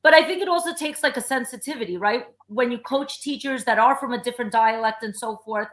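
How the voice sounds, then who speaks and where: A woman's voice: a little high, fast talker, a bit bright. Woman co-host with a Brooklyn accent. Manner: thoughtful, conversational. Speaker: podcast co-host. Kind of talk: casual panel discussion.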